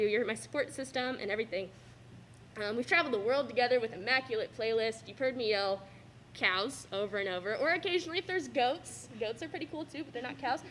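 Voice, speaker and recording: Young woman, fairly high voice, tearful thank-you speech with nervous laughs, faint cafeteria hum. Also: fairly bright tone. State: fighting back tears. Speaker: student athlete giving a farewell speech. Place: school cafeteria.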